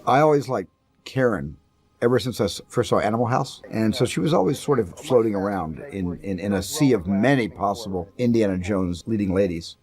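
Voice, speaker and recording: A man, a film director, telling relaxed, anecdotal stories in a documentary interview, often repeating words as he thinks. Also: fairly low pitch, brisk. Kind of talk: documentary interview, recalling the production.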